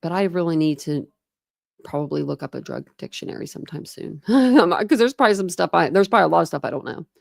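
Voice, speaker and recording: A young true crime host reads official documents aloud, often pausing to think out loud casually with plenty of fillers. Her slightly low, gravelly voice is expressive and fast. The recording is dry and close, with no room sound.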